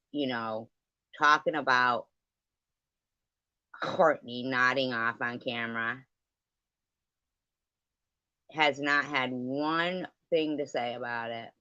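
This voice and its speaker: A woman's voice: extremely low pitch, pushed and bright, dry recording. A woman hosting a casual livestream, rambling and sarcastic in a gossipy, profane rant. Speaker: livestream host. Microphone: livestream setup. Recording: dull lo-fi sound.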